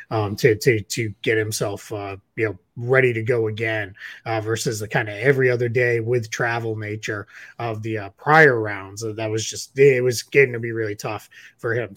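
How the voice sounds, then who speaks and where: A man with a Boston accent co-hosting a basketball podcast, explaining news in a casual, filler-heavy way. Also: mid-range voice. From Boston area. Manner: explanatory, frequent fillers and restarts. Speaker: podcast co-host, basketball analyst. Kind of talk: casual sports chat.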